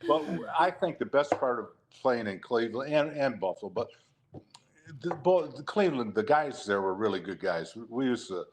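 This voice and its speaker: Older man telling animated stories. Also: mid-range voice, moderate pace, a little hiss or hum. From Detroit, USA. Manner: animated storyteller, acts out quotes, laughs often. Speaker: guest, retired football player. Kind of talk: casual storytelling chat.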